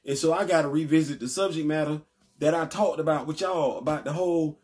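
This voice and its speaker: Animated slangy man ranting on his vlog. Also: fairly quick. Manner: animated, goes high-pitched when frustrated; rambling, slangy, laughs often. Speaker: vlog host.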